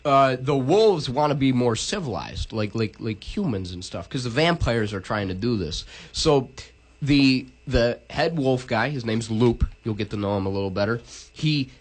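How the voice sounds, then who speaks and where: A man's voice: mid-range voice, lively intonation, moderate pace. A young man casually recapping a movie with friends, rambling and profane, with lots of restarts. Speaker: podcast co-host.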